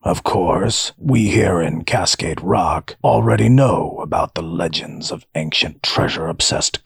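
A man voicing a gruff, stern magistrate in an audiobook fantasy story. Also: fairly low pitch, no echo, studio quality, exaggerated voice.

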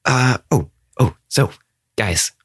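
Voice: mid-range voice, expressive, slow, slightly rough, no echo, studio quality, voice pushed up. A game master voicing a cheerful young woman adventurer who is charmed by a scorpion in a tabletop game. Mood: bubbly. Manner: bubbly, then yelping in pain.

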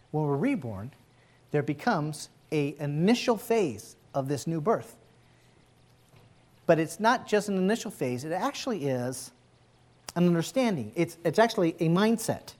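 A male pastor delivering a sermon in a lively, swooping voice that rises and falls freely. He talks to the congregation conversationally, drawing them into call-and-response. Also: a little high.

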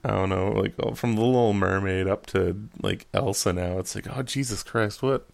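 A man's voice: sits low, fairly even intonation, normal speed, vocal fry, darkish tone. A young man co-hosting a podcast, rambling and making crude jokes with lots of fillers. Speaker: podcast co-host. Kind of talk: casual podcast chat.

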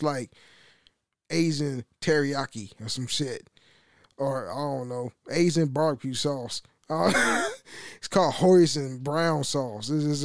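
A man's voice: fairly high pitch, no echo. Profane rambling young man, dry sound. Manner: rambling, profane, laughs often, restarts. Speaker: podcast host. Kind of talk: casual solo podcast rant.

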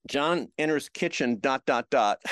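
An older American man, a veteran TV host, telling showbiz anecdotes in a relaxed interview and acting out the quotes. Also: mid-range voice, slow, no room sound, clean studio sound. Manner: animated anecdotes, acts out quotes. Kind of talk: storytelling chat.

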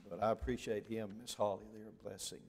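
A man's voice: on the low side, fairly even intonation, fairly quick, gravelly. An older man with a Southern Alabama accent, a visiting preacher telling folksy, joking stories from the pulpit on a church microphone. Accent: Southern US, Deep South Alabama. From southern United States. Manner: joking, storytelling, drawling. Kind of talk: folksy sermon introduction. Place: church sanctuary.

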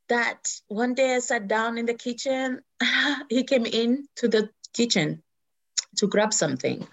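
Animated woman telling a personal story. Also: high voice, creaky. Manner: animated, acts out quoted voices.

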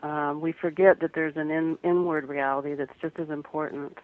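A woman from the American Midwest, a guest photographer and author, speaking earnestly and gently with some restarts in a radio interview. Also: low voice, little pitch movement, moderate pace. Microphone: phone. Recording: tinny phone line.

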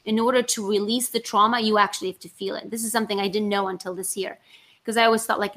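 An actress in casual conversation, animated and talking in quick rushes. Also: female voice, medium pitch. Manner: animated, talks in rushes, acts out her inner voice.

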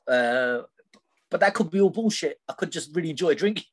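A middle-aged man with a voice on the high side, expressive and a little fast, shares a personal story as a podcast guest. He rambles, uses many fillers, and often tags his sentences with "right?".

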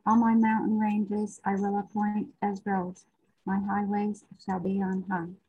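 A woman in a study group reading a long scripture passage aloud in a steady voice. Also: mid-range voice, a little slow, breathy edge. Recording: muffled lo-fi call audio.

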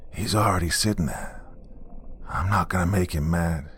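A man voicing an eerie, calm young man under arrest who speaks in a quiet, raspy, ominous way. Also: low voice, moderate pace, slight background noise. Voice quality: raspy whisper.

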